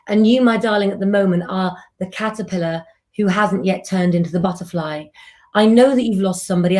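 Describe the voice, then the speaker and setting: A woman hosting a live tarot reading, talking gently and affectionately in a rambling way. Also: medium pitch. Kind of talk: live streamed tarot reading, casual chat.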